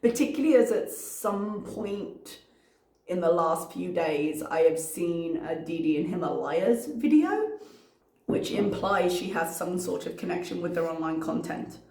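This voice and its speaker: A woman's voice: fairly low pitch, moderate pace, creaky, a little mellow, roomy sound. A woman commentator reacting to a video in a casual, analytical way, working through her notes with frequent ums.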